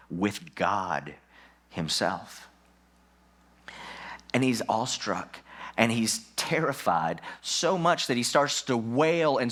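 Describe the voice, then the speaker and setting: Pastor, male, mid-range voice: church sermon, emphatic, repeats his main points, swings between hushed and loud. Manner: emphatic, drops low then rises for stress; repeats key lines for effect.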